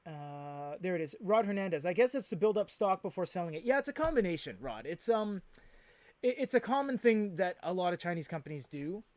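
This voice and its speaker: A man hosting a live stream, chatting casually and reading out viewer comments with excitable energy. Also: high-pitched, brisk, no echo. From Canada. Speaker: livestream host.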